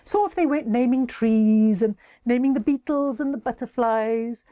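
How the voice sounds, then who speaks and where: A woman hosting and narrating a children's story in a playful, animated, giggly way. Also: a little high, normal speed, no room sound, lo-fi sound.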